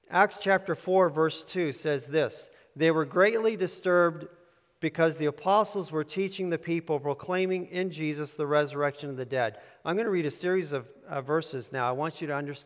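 A man preaching a sermon with handouts, emphatic and repetitive, telling listeners to underline words. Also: on the high side. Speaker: pastor. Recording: long hall reverb.

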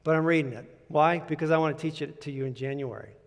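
A male pastor delivers a sermon in an earnest, conversational way, driving points home by repeating them. His voice sits a touch high for a man. The sound carries the long reverb of a large hall. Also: steady tone, fast talker. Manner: earnest, conversational preaching with emphatic repetition.

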